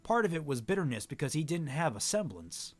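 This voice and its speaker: A man's voice: on the high side, sing-song, a little fast, over music. A man co-hosting a casual book reading, reading dialogue aloud with frequent stumbles and self-corrections. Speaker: co-host reading a novel aloud. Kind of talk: casual read-aloud, voicing characters plainly.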